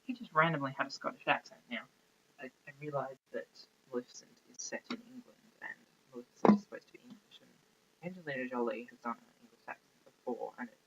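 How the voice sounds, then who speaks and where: Rambling gravelly-voiced young man reviewing a film. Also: medium pitch, highs cut off. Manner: rambling, loses his train of thought, many ums. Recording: faint background noise, poor audio.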